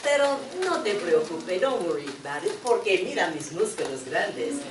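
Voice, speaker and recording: A woman's voice: lowish voice, very animated, normal speed, recorded from a distance, background noise, voice pushed down. A boastful father mouse showing off his muscles, played by a woman. The voice is dropped well below her own and recorded from afar. It rings through an echoey room.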